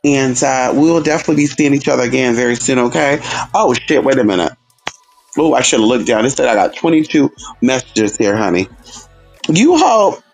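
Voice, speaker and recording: A man's voice: mid-range voice, fairly quick, creaky, faint music behind. A man hosting a casual livestream, talking sassily and animatedly to his viewers, calling them girl and honey. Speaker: livestream host.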